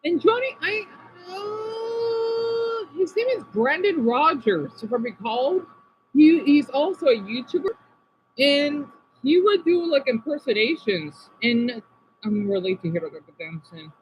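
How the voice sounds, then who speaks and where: High, lively-voiced woman chatting to viewers. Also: moderate pace, muffled recording, slight background noise. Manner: chatty, talks to viewers by name, sounds out words. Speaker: livestreamer reading chat. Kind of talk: casual live-stream chat.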